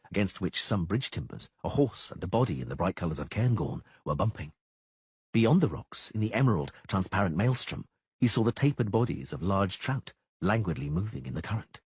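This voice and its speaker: A man narrating an audiobook with a husky, breathy voice, fairly low in pitch. His delivery swings widely in pitch and the sound is dry and close. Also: fairly quick, no echo. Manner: dramatic, lively reading. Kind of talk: scripted narration.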